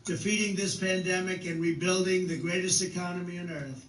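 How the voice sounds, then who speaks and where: A man's voice: sits high, fairly even intonation, fairly bright tone, distant mic, slight background noise. Man giving formal address, played back echoey. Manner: measured, scripted delivery. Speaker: president.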